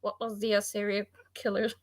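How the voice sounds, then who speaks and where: A young woman chatting casually as a podcast co-host, halting with many fillers and laughing often. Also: medium pitch, level tone. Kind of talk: casual chat.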